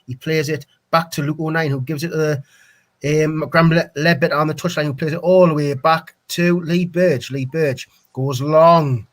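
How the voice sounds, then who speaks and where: A man calling a football match live for a fan stream, excitable and leaping up on chances. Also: a little high, normal speed.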